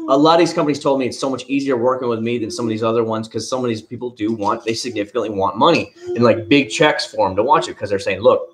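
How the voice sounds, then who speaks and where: A middle-aged man chatting loosely on a live stream, with a middle-pitched voice. He rambles from one tangent to the next, greets viewers by name and swears freely. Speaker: car vlogger reading live chat. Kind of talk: casual live-stream chat.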